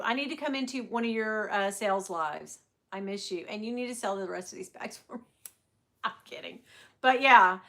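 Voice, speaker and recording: Female livestream host, slightly high voice; casual, venting, talks straight to viewers. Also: fairly bright tone. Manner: chatty, venting, swears freely, reads viewer comments aloud.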